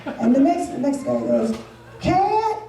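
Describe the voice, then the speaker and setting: A woman's voice: high voice, lively intonation, unhurried, mellow. A woman doing a bawdy stand-up comedy set, bantering brashly with the audience at a live show. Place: resort event room, live show. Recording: echoey venue from far off, with audience.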